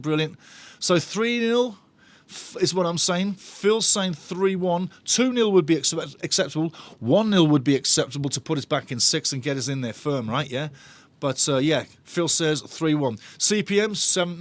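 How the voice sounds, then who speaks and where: A man hosts a live football watch-along, talking straight to his chat with a sarcastic, bantering streak. His voice sits a touch higher than most men's. The sound is close and dry, with no room around it. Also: dry recording. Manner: chatty, sarcastic banter, greets viewers from the chat. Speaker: host of a football fan watch-along channel.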